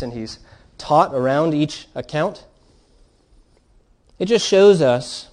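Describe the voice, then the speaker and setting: A man preaching a sermon in an earnest, steady way, telling stories to his congregation. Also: a little high. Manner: earnest preaching, reads quoted account with rising fervor. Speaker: pastor.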